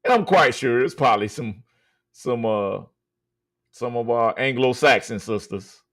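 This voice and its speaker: A man of middling pitch hosts a live stream over call audio. He talks with heavy emphasis, drags out his phrases, and stalls often on filler sounds. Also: measured pace, a bit bright. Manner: emphatic, drawn out, many uh fillers. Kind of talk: casual live-stream talk.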